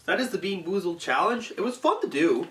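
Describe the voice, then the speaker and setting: A man's voice: high-pitched, sing-song, a little fast. A laid-back, easily amused man co-hosting a casual chat while tasting candy. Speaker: co-host. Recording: echoey room from far off.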